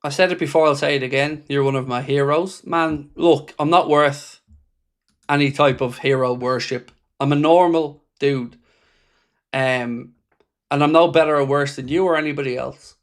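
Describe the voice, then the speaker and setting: A man's voice: a little high, steady tone, moderate pace. A man hosting a football fan livestream, reading viewer comments and answering them bluntly, with passion and frequent swearing. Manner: impassioned, blunt, swears freely. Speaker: football fan channel host. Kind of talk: livestream reaction chat.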